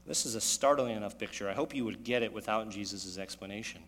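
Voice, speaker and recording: A man preaching a sermon, animated and full of rhetorical questions, his voice echoing in a church hall. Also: fairly low pitch, fast talker. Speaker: pastor.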